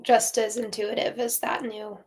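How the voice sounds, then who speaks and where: A woman's voice: fairly high pitch, little pitch movement, unhurried, a crowd in the background. A woman co-hosting a podcast, giving candid, somewhat hesitant opinions in casual chat. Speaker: podcast co-host.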